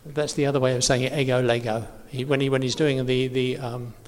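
A man's voice: mid-range voice, level tone, brisk. A man preaching in an informal teaching talk, chatty and self-correcting with many fillers. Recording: long hall reverb.

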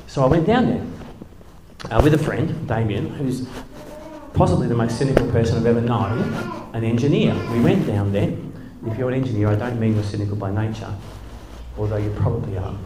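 A man's voice: medium pitch, a little fast, very noisy. Wry man telling stories. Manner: self-deprecating, wry, chuckling asides. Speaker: speaker, former church leader. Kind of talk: humorous storytelling talk. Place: hall with a live audience. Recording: echoey hall.

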